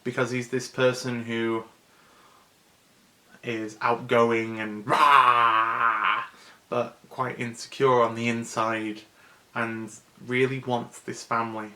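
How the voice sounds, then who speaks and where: A man's voice: medium pitch, level tone, unhurried, a bit bright. A man in his thirties, a vlogger, casually and emotionally retelling a favourite film. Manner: enthusiastic, emotional, personal.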